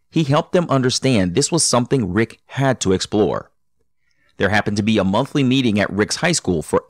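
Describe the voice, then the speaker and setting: A man narrates a podcast episode in a measured, explanatory manner. His voice sits low and sounds dry and close to the mic. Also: no room sound. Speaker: podcast host. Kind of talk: scripted narration and interviewing.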